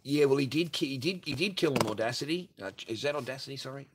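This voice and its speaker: A swearing, laughing man holds forth on his own livestream. He rants loosely and crudely to his viewers, with a middle-pitched voice. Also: fast, background noise. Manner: profane, laughing, ranting. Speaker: livestream host reading superchats. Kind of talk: crude casual livestream rant.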